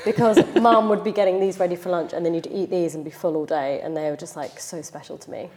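A woman's voice: lowish voice, fairly even intonation, fast, a little mellow, a little hiss or hum. A woman, chatting casually as a guest while she cooks in her home kitchen, often saying "like" and "you know". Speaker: chef and podcast guest. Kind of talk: casual chat while cooking.

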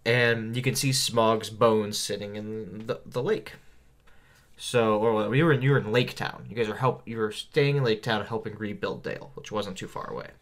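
A man's voice: lowish voice, normal speed, a bit bright. A young man chatting casually and telling a rambling story about a tabletop game he ran, with many fillers. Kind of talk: casual chat.

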